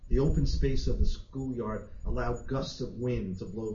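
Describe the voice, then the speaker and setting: A male author reading his own fiction aloud in measured, deliberate narration at a library reading, in a roomy, dull recording. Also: mid-range voice, background noise.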